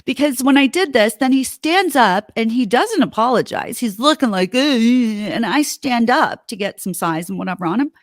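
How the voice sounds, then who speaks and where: A woman's voice: a little high, expressive, moderate pace, few pauses, no room sound, clean studio sound. A middle-aged woman, a podcast host, telling a story in a heated, indignant way with plenty of swearing. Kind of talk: casual podcast chat.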